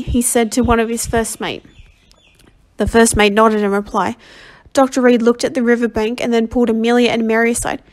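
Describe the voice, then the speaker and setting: A woman reads a novel aloud as a volunteer, her voice sitting a little high for a woman. She is slightly under the weather, and she often stumbles and goes back to fix a word. It is a plain amateur reading. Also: fairly even intonation. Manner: halting reading with frequent self-corrections. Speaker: volunteer audiobook reader.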